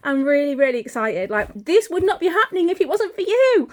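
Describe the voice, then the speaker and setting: Woman vlogging from home, high voice, giggly and gushy, swears a bit. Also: fairly quick. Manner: excitable and gushing, laughs often, swears casually. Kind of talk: casual vlog chat. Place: home hallway and garden.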